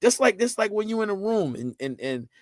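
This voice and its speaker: A man speaking chats as a podcast guest. He tells stories with energy and jumps his voice up when he quotes family and friends. The sound is close and dry, with no room echo. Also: brisk. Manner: animated storyteller, acts out quotes with rising pitch. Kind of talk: casual podcast conversation.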